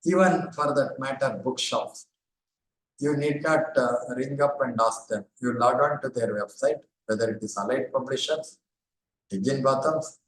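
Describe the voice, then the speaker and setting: An older man with an Indian accent giving an online lecture as a former university librarian, explaining steadily with frequent pauses and repetitions. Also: mid-range voice, roomy sound, poor audio.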